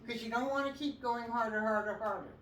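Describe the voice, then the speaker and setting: A woman dog trainer coaching a session, calmly instructing and breaking into high, excited praise for the dog. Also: fast talker. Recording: echoey, distant mic, faint noise.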